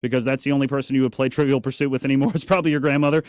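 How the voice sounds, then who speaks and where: A man's voice: medium pitch, steady tone, racing, a little mellow, no room sound, clean studio sound. A man hosting a talk radio show, chatty and opinionated with joking asides. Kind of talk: casual talk radio monologue. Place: radio studio.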